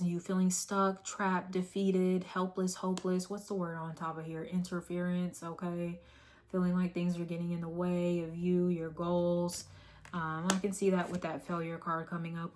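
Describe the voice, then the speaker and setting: Hoarse woman giving a blunt tarot reading. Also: fairly low pitch, flat delivery, moderate pace, a little mellow. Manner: blunt, profane, teasing tough-love delivery. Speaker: tarot reader. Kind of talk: casual tarot reading to camera.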